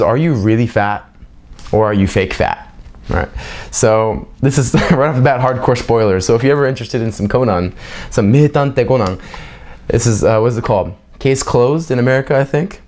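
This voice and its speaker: A man's voice: medium pitch, expressive, brisk, a little mellow. Rambling, joking male language teacher. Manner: loose and rambling, chatty asides and self-mocking jokes; keeps checking in with a tag "right?". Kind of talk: unscripted casual lesson.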